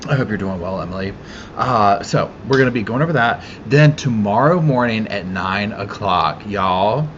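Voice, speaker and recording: A man's voice: mid-range voice, creaky, a bit bright, dull audio, a little hiss or hum. A man from the Carolinas with a Southern accent, hosting a casual live chat, greeting viewers by name and laughing often. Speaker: livestream host.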